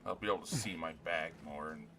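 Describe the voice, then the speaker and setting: A man's voice: extremely low pitch, fairly quick. A man streaming a video game, muttering casual, mildly grumbling remarks as he plays. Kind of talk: casual gameplay commentary. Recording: streaming mic with background noise.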